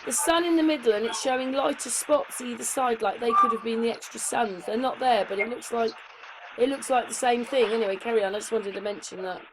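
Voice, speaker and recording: Woman chatting, slightly high voice, keeps adding points, background hiss. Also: a little fast. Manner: conversational, keeps adding points, asks for agreement. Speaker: co-host. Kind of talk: casual chat. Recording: noisy home recording.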